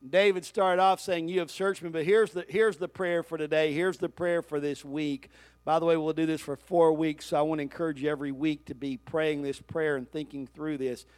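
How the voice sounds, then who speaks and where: A man's voice: high voice, no echo. A man preaching a sermon as pastor, talking straight to his congregation and calling for their responses.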